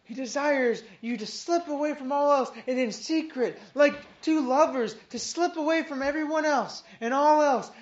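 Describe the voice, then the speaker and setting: A woman's voice: high-pitched, moderate pace, few pauses. A woman teaching from the Bible to a small group, reading verses aloud and repeating them with earnest emphasis. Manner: earnest, reads scripture aloud with emphatic repetition. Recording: dull lo-fi recording.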